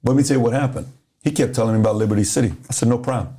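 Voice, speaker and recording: A middle-aged man from Iran tells a story in a mellow, warm voice. He hosts a casual chat and acts out the quotes he tells. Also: mid-range voice, very fast. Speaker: host.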